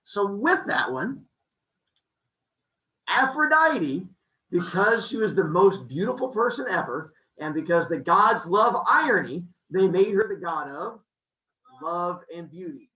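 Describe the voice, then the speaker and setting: A man casually retelling Greek myths in a jokey, animated way, pointing out posters in an indoor room. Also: high voice, measured pace. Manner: animated, jokey, uses 'like' for quotes. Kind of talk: casual comic myth retelling. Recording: echoey dull room sound.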